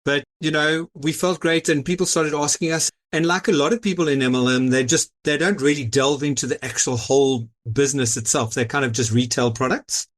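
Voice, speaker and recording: A man's voice: on the high side, fairly even intonation, a little fast, hardly any pauses. A middle-aged man with a South African accent, a guest in an interview, telling his story in an easygoing way with frequent "you know"s. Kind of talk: casual interview over a call.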